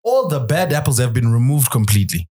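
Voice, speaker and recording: A man's voice: mid-range voice, lively intonation, brisk, mellow, husky. A man hosting a casual interview, asking questions in an inquisitive, playful way. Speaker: podcast host.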